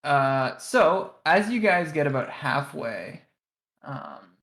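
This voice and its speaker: A game master narrates a tabletop game, hesitant and restarting often. The voice sits at a middle pitch. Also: very animated, slow, a bit bright. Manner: hesitant, full of fillers and restarts.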